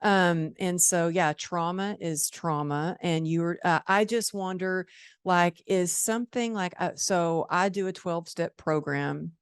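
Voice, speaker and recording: A woman in her forties hosts a podcast and talks in a relaxed, open way about her own life. Her voice sits a little low. The recording is dry, with no room echo. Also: measured pace, clear, resonant tone. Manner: open, personal sharing with frequent fillers. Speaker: podcast host. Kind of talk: conversational podcast interview.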